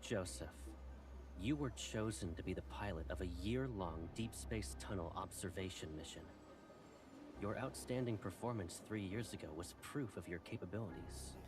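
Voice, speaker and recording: A man voicing a calm, cold fleet officer. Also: low-pitched, close to an everyday voice. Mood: accusing. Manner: measured, accusing, even-toned. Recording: game audio under loud music, distant.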